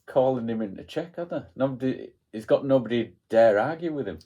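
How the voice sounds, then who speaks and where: A man's voice: mid-range voice, lively intonation, fairly quick, warm tone. A man co-hosting a podcast in casual chat, blunt and salty, often ending with tag questions. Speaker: podcast co-host.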